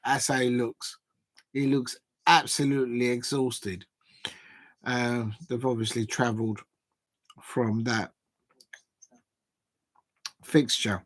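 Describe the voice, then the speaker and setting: A man's voice: mid-range voice, level tone, takes it slowly, pauses often, no echo. Chatty man hosting football news. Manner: chatty, hesitant, many fillers, reads quotes aloud. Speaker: football show host. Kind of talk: live transfer news talk show.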